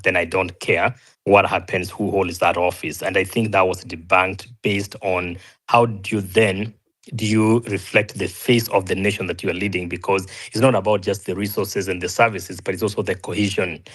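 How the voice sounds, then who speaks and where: Low-voiced man moderating a debate. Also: level tone, fairly quick, a bit bright, slightly rough. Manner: polite, interjecting, explanatory.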